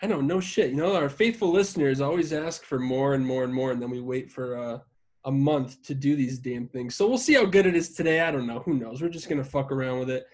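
A man's voice: mid-range voice, fairly quick, a little mellow. Profane, rambling podcast co-host man. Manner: profane, rambling, self-deprecating. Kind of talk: casual chat.

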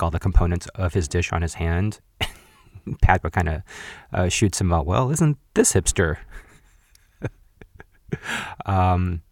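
A man's voice: sits low, no echo, studio quality. A man in his thirties hosting a podcast, casually recapping a cooking show, chatty with frequent laughs and blunt asides. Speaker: podcast host.

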